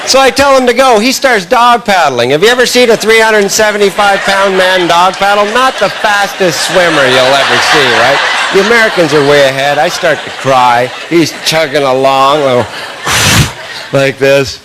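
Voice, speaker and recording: A man doing stand-up comedy, telling a long story in a punchy, animated way and often tagging lines with a quick question. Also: on the high side. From Canada. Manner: animated, punchy delivery with frequent tag questions. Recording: live recording with audible background noise.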